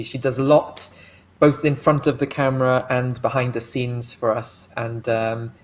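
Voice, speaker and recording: A man from Wales with a strong Welsh accent, co-hosting a livestream, talking in a tired and rambling way. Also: mid-range voice. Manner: tired, rambling, stumbles over words. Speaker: guest co-host and interviewer. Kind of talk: casual livestream chat.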